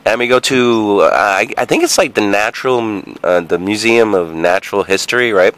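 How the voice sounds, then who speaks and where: A man's voice: on the low side, moderate pace, a bit bright. A man in his forties telling a childhood story in a rambling, profane way, full of fillers and asides. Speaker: vlogger. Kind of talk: casual storytelling monologue.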